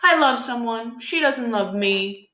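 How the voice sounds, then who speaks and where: A brooding young man pours out his lovesick complaints in melodramatic sighs, read aloud by a woman. The voice is bright and a little high. It rings in a roomy space. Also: animated, measured pace, lo-fi sound. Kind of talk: reading a play aloud. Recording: roomy echo.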